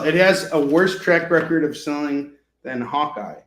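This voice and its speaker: A man's voice: on the high side, measured pace, fairly bright tone, a little hiss or hum. A man hosting a live comic-book sale, chatting casually with viewers in a joking, sarcastic way. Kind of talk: casual live selling chat. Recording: echoey room.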